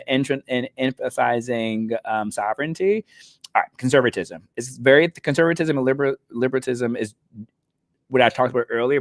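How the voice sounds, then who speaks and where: A man's voice: mid-range voice, dry recording. Casual chatty man host. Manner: casual, chatty, fillers and self-corrections, addresses co-host. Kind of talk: explanatory talk show monologue.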